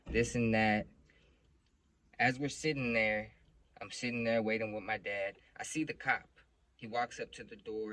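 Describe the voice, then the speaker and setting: A man's voice: lowish voice, pushed and bright. A young man casually telling a personal story, blunt and profane, with plenty of emotion.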